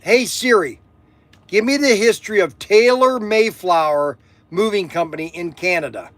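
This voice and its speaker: Older man, high voice, casual host chat, joking, rambling. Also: normal speed, a bit bright, no echo. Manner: rambling, joking, self-interrupting. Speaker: host of a toy shop channel.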